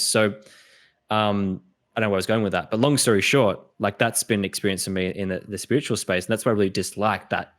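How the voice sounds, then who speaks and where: Animated Australian man telling stories. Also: fairly low pitch, fast talker. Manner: animated storytelling, acts out quoted voices. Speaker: podcast host. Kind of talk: casual conversation.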